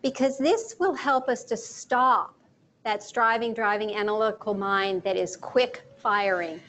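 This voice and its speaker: A woman leading a guided mindfulness talk, speaking calmly and slowly with deliberate pauses. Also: mid-range voice, a little hiss or hum. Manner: calm, slow and measured, with deliberate pauses. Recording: dull lo-fi sound with faint music.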